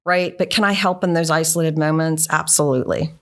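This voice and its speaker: A middle-aged woman speaks in a low, grounded voice. She tells workplace stories as an interview guest, earnest and measured, often ending points with a quick "right?". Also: fairly even intonation. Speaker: NASA engineering leader, interview guest. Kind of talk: conversational storytelling.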